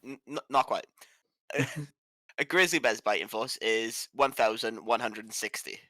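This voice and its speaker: A man's voice: medium pitch, a little slow, pushed and bright, dry recording. A man co-hosting a casual podcast chat in a blunt, offhand way, with the odd swear. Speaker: co-host.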